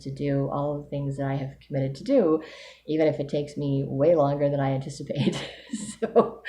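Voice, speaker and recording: A woman with a low, mellow voice records a casual video diary. She speaks candidly and reflectively, thinking aloud. A faint hiss sits under her voice. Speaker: vlogger giving a weekly update.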